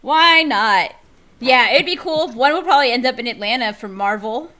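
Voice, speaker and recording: Woman host, casual stream chat, bright and animated, quick laughter. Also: a little high.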